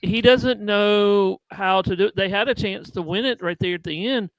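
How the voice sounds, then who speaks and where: Co-host: man with a slightly raised pitch, casual and conversational, dry close sound. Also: normal speed, no echo, low-quality recording. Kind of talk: casual sports talk.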